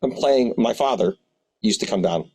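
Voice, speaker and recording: A man's voice: on the low side, animated, normal speed, dark tone, slightly rough, rough recording. A man in his fifties who owns a tabletop game shop, telling rambling anecdotes with many restarts in an interview. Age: 50s. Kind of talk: storytelling interview.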